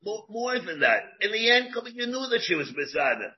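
A man's voice: high voice, sing-song, normal speed. A man, a rabbi giving a Talmud class, who asks rhetorical questions, repeats his phrases and mixes in Hebrew terms, on a dull lo-fi recording.

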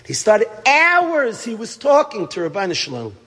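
Pitch swoops wildly in this high-sitting male voice, delivered at normal speed with a breathy edge. A middle-aged man who teaches at a yeshiva, he's telling a sermon story emphatically, with rhetorical questions and swings from loud to hushed, all in big-room acoustics.

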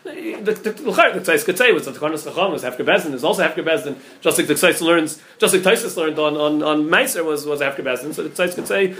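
A man, a rabbi, giving a Talmud class, talking quickly with many restarts and repeated words. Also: on the high side, animated, a bit bright. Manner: rapid, repeats words and restarts, mixes Hebrew and Yiddish terms into English. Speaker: rabbi teaching a daily Talmud page.

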